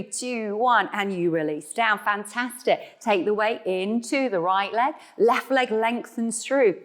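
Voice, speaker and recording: A woman teaching an online Pilates class, cueing breath and counting reps with encouraging, chatty explanations. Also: medium pitch. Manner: playful asides to viewers. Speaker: Pilates instructor. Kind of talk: guided online exercise class.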